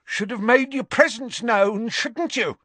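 A man's voice: high-pitched, sing-song, takes it slowly, pushed and bright, dry recording, pitched above the performer's own voice, heavily acted. A man reading an audiobook, voicing a hostile, aggressive old man who sneers at a visitor in a storybook. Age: older. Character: hostile, aggressive elderly male hermit.

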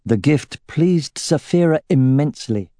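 A man reading a fantasy novel aloud as the narrator, with a steady, even storytelling delivery. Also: fairly high pitch, a little slow, dry recording, clean studio sound. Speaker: audiobook narrator.

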